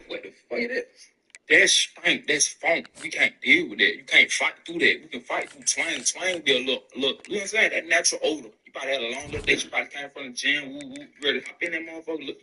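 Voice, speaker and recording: A man's voice: on the high side, quick pace, hardly any pauses, distant mic, a little hiss or hum, poor audio. A man streaming a video game, ranting casually with lots of profanity and slang. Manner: animated, profane, slangy storytelling. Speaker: gaming streamer. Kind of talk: casual rant while gaming.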